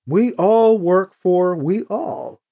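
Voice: medium pitch, very slow, warm tone, lo-fi sound. A reader voicing a scheming heretic who speaks stiffly and formally, without contractions. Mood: sly, formal. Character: formal chaos-loving heretic, calm and scheming.

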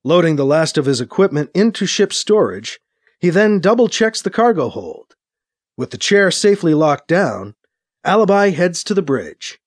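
A man reading a science fiction story as narrator, in steady storytelling narration. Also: on the high side, moderate pace. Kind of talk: scripted narration.

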